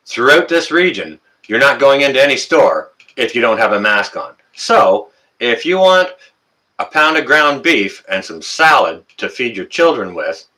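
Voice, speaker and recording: The Canadian live-stream host, middle-aged, talks through his viewers' comments in a rambling, chatty style full of "uh" fillers. He speaks at medium pitch in a pushed, bright voice, captured on a rough recording.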